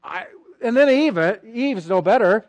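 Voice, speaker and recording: A man preaching a sermon as pastor, sarcastic and animated, acting out mock quotes from people he disagrees with. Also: high-pitched, measured pace, no echo, dull audio.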